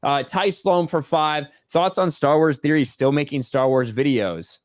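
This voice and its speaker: A man's voice: fairly high pitch, measured pace, dry recording, studio quality. A man co-hosting a casual livestream, reading out viewer donations and swearing offhandedly. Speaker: livestream co-host reading superchats.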